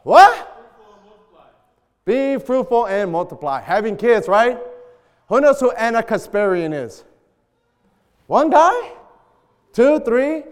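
A man preaching a sermon, bantering loudly with the congregation in call and response. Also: very high voice, very animated, takes it slowly, long pauses, smooth. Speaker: pastor. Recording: long hall reverb.

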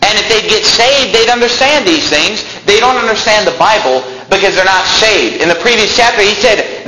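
A man preaching a fiery sermon, swinging between loud raised lines and quiet low ones. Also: lively intonation, moderate pace, hardly any pauses, reverberant, slight background noise, low-quality recording.

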